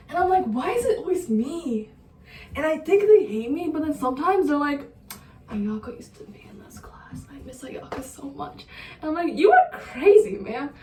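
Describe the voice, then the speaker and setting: A woman's voice: sits high, a little mellow. A young woman vlogger telling a rambling, profane story in a casual storytime way. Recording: roomy sound, distant mic.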